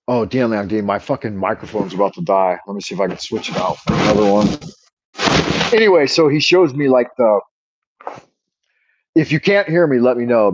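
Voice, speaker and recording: A man hosting a livestream, telling an exaggerated, profane story in a rambling way over a wireless earbud mic. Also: fairly low pitch. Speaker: livestream host. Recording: dull dry earbud mic sound.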